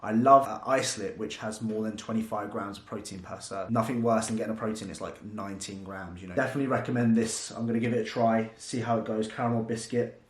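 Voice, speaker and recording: A man's voice: on the low side, steady tone, quick pace, echoey room. A man, a fitness vlogger and coach, chatting casually and jokingly through a product review and swearing freely.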